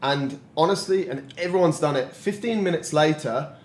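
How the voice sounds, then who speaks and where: A podcast guest in his forties shares stories reflectively and laughs often during a casual interview chat. His voice leans high with a moderate pace, and the recording has a roomy echo.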